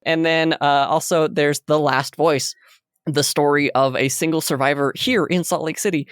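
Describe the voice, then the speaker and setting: A man's voice: fairly high pitch, steady tone, moderate pace, fairly bright tone, smooth, no echo. Man, podcast co-host, casual chat, playful, giggly, dry sound. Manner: giggly, playful, reads plugs.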